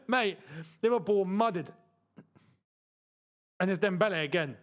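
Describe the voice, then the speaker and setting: A young man hosting a live football watchalong, reacting loudly to goals and bantering with his chat. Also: high voice, lively intonation, normal speed.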